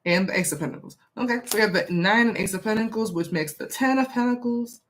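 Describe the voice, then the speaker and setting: A woman's voice: a little high, fast talker, noisy background. A woman doing a casual live-stream tarot reading, chatty with many fillers, reading viewer comments aloud. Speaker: tarot reader.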